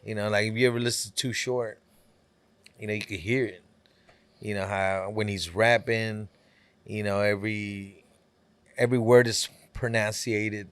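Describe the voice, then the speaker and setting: A man's voice: lowish voice, fairly even intonation, moderate pace, pauses often, clear, resonant tone, no room sound. A man with a Texas Southern accent, a rapper chatting as a podcast guest, laid-back and full of "you know" fillers. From California. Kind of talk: casual podcast chat.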